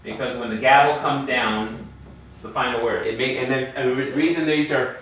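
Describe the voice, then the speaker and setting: A man's voice: mid-range voice, steady tone, fairly quick, fairly bright tone, a little hiss or hum. A man teaching a Hebrew class, patiently explaining letters and vowels and quizzing his students. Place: classroom in a congregation building. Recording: very echoey room, mic far off.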